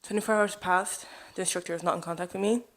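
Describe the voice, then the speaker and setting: Fast-talking young woman, chatty storyteller. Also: fairly low pitch, steady tone. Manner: chatty, rambling, heavy use of "like". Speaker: vlogger sharing a testimony. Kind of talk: casual storytelling to camera.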